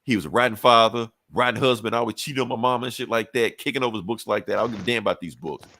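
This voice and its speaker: A man's voice: mid-range voice, very fast, sharp tone. A man voicing a fed-up grown son who complains and curses in an exasperated way. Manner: exasperated, cursing.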